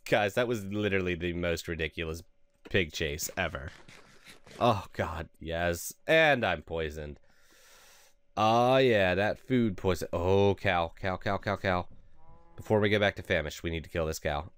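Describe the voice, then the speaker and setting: A man giving casual, excitable let's play commentary over a survival game, yelping and laughing as things go wrong. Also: deep voice, unhurried, clean tone, no echo. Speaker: gaming video host.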